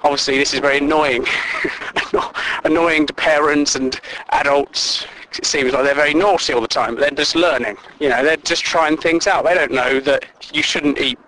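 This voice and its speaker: A man's voice: fairly high pitch, moderate pace, pushed and bright, slight background noise, low-quality recording. A man rambling through a sweary comic monologue and chuckling at his own jokes.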